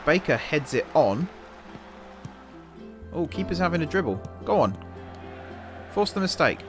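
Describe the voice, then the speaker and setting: A young man giving relaxed, chatty commentary over a football management game, thinking aloud between match calls. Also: a little high. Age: young adult. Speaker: gaming YouTuber and streamer. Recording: game music playing under the voice.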